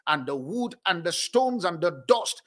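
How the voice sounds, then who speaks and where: High bright-voiced preaching man. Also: big pitch swings. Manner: preaching with emphatic declarations and slow drawn-out reading. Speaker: pastor. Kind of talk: sermon.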